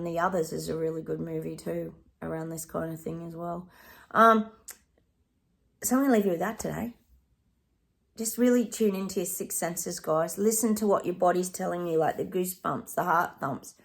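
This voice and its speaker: Gravelly woman, chatty psychic. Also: on the low side, steady tone, normal speed, pauses often. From Australia. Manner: chatty, addresses viewers as guys, sings snatches of songs. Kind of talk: casual direct-to-camera reading.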